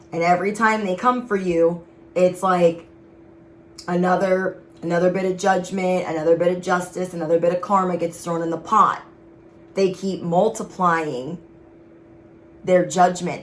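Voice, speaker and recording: A woman's voice: lowish voice, a bit bright, slight background noise. A woman giving a casual tarot reading, speaking straight to her viewers in an emphatic, sassy way. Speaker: tarot reader.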